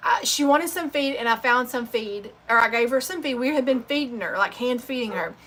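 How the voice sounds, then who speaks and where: A woman's voice: fairly high pitch, a little fast, fairly bright tone. A woman hosting a sewing channel, chatting casually on a livestream and telling heartfelt, rambling stories.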